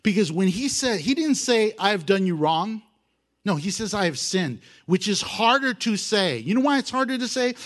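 A man teaching a Bible lesson with a lively voice that swings up and down in pitch, sitting a bit higher than most men. He laughs often and acts out the apologies he quotes. The delivery is a loose, casual teaching style. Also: moderate pace.

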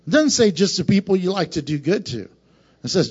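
A man preaching a sermon, swinging between emphatic loud lines and hushed, quieter passages. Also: on the high side, lively intonation, moderate pace, husky. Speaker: pastor. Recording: dull lo-fi sound.

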